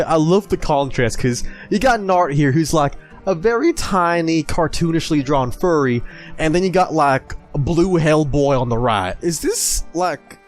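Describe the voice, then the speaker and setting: A male video host talks through comics in a relaxed, chatty way. His voice sits a little high and swings up and down a lot as he gushes and laughs. Faint music plays behind him. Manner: excitable and gushing, laughs often. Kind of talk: casual commentary while reading comics.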